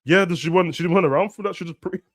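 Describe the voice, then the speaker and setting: A young man, ranting and joking as a streamer during a football watch-along, now and then shouting. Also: high voice, rapid-fire, dry recording, clean studio sound. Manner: ranting, slangy, bursts of shouting. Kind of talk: casual chat over a live match.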